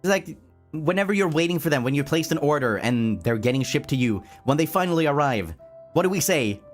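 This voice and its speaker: A male streamer talks casually to his chat, playful and quick to laugh. His pitch swoops about with lively energy, and he stumbles over words when excited. Soft music plays faintly behind him. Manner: playful and animated, reads chat aloud and answers it.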